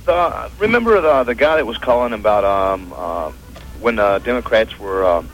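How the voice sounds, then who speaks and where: Halting, chuckling male radio caller. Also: lowish voice, lively intonation, fairly bright tone, a little hiss or hum, rough recording. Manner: halting, full of fillers, chuckling. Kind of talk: radio call-in chat.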